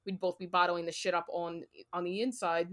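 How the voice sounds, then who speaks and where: A woman in her twenties co-hosting a podcast, chatting casually with animated, profane storytelling. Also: on the low side, brisk. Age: 20s. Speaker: podcast co-host. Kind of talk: casual chat.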